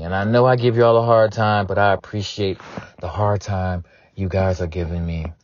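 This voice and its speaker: Earnest and conversational, this forties-aged prayer leader addresses his ancestors bluntly, repeating phrases to stress them. The lowish, darkish voice has no room sound and comes through a dull lo-fi recording.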